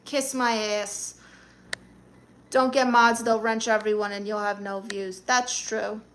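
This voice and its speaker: A woman's voice: medium pitch, flat delivery, takes it slowly, fairly bright tone, slight background noise. A woman from Brooklyn with a New York accent, casually chatting on a live stream and firing sassy comebacks at viewers. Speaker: comedian live-streamer reading chat.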